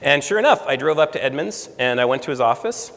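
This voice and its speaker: A man in his forties from the United States, a guest speaker telling stories in a lively way and acting out the dialogue. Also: mid-range voice, quick pace, gravelly. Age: 40s. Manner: lively storyteller, acts out quoted dialogue. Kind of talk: storytelling talk. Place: lecture room. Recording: reverberant lecture hall.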